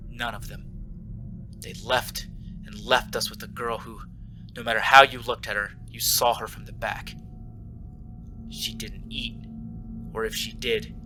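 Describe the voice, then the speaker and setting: A man with a nasal voice hosting a casual podcast chat, joking and swearing freely, then reading a short story aloud to his friends. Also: medium pitch.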